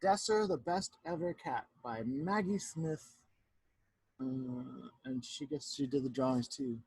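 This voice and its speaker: A male teacher reading a picture book aloud to children on a home video, chatty and animated, often stopping to talk to the kids about the pictures. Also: mid-range voice, a little slow, breathy edge, no echo. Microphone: home video recording.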